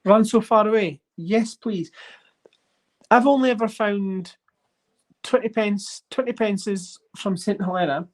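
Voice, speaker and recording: A host chatting casually on a livestream while sorting coins, rambling and getting excited over finds. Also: mid-range voice, measured pace. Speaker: coin collecting channel host.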